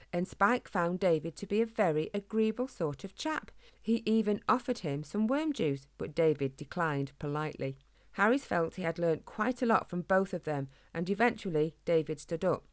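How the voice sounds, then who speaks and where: Woman, storybook narrator, calm, gentle, lowish voice, dry close sound. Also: moderate pace, no echo. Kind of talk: storybook reading.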